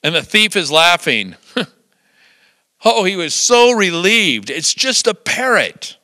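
An older man preaching with a high, bright, forceful voice that rises and falls a great deal. He tells lively stories with chuckles along the way. The sound is close and dry. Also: slow pace, dry recording. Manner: lively storytelling with chuckles and acted-out quotes. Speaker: pastor. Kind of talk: sermon.

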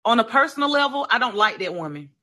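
A woman's voice: fairly high pitch, quick pace. A woman co-hosting a casual podcast, telling celebrity gossip with lots of profanity and acted-out quotes. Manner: animated storytelling, acting out quotes, heavy profanity. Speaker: podcast co-host.

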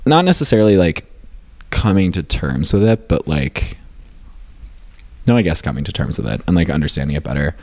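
A man's voice: low-pitched, sing-song, brisk, pauses often, darkish tone, no echo. A young man from rural upstate New York, chatting casually as a guest, rambling with many fillers and restarts. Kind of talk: casual chat.

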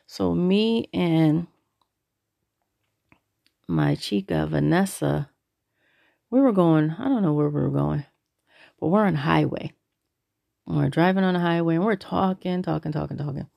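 A woman's voice: fairly low pitch, moderate pace, gravelly, long pauses, mellow, dry recording, clean studio sound. A woman hosting her own podcast, telling a personal story in a laid-back, rambling, conversational way. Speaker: podcast host.

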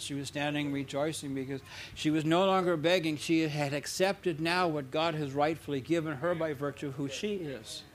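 A man's voice: fairly high pitch, a little hiss or hum. A man preaching a sermon, telling stories in an earnest way and building to fervent emphasis. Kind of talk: sermon with storytelling.

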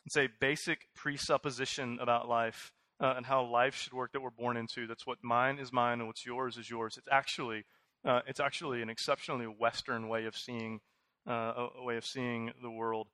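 Male pastor, thirties, bright and punchy, slightly high, casual restart-heavy preaching, dry close mic. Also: moderate pace, no room sound. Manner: conversational, animated, many fillers and restarts. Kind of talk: sermon.

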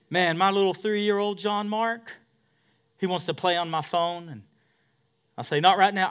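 A man preaching a sermon, swinging between shouted emphasis and hushed asides, using repetition and call-and-response. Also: high-pitched, normal speed, clear, resonant tone. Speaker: pastor.

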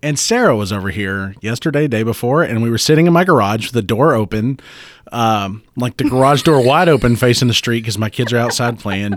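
Podcast guy telling a goofy story, pitch jumping all over, dry close sound. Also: no echo. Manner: animated storyteller, laughs often. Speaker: podcast co-host. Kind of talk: casual chat.

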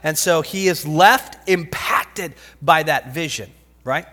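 Preaching slowly, a pastor with a high-pitched male voice lurches dramatically from shouts to hushed whispers. A long reverb from the big church hall trails after his words.

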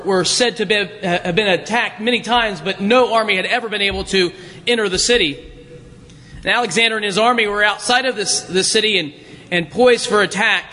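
A man's voice: sits high, sharp tone. A man telling a story to an audience in a conversational way, with frequent restarts, recorded in an echoey hall. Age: adult, worked a job at seventeen years ago. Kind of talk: storytelling illustration in a talk.

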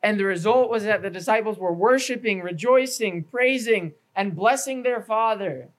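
A man's voice: high voice, moderate pace, poor audio. Earnest man preaching a sermon. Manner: earnest preaching through numbered points with scripture references; stumbles and repeats words now and then. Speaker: pastor. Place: church evening service.

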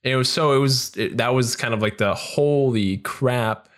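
A man co-hosting a casual chat, excitable and joking, tumbling through self-corrections. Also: medium pitch, moderate pace. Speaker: podcast co-host.

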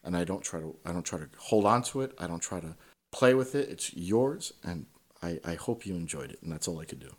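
A man's voice: low-pitched, expressive, a little fast, breathy edge. A man telling stories as a podcast guest in casual conversation, swearing freely and tagging his points with "right?".

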